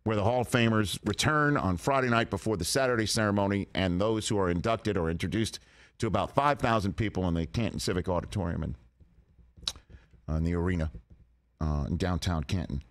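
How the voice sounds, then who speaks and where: A middle-aged man hosting a sports talk show, telling a story in a casual, animated way with quick restarts. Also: low voice. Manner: animated, excited retelling with restarts. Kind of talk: casual studio chat, storytelling. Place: studio.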